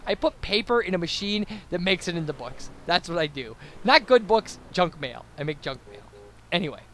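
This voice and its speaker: A man's voice: a little high, a bit bright, slight background noise. A young man rambling casually as a let's play commentator, babbling through tangents with lots of fillers. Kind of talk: casual post-commentary chat over gameplay.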